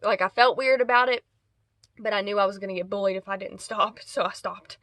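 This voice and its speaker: Bright-voiced woman telling a rambling story. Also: medium pitch, brisk, dry recording. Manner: rambling, self-correcting. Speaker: vlogger. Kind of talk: casual storytime vlog.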